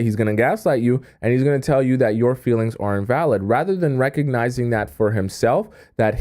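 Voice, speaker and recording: A man's voice: medium pitch, lively intonation, fairly quick, hardly any pauses, dark tone. A man hosting a livestream on relationship advice, talking conversationally, often asking "right?" and reading chat comments aloud.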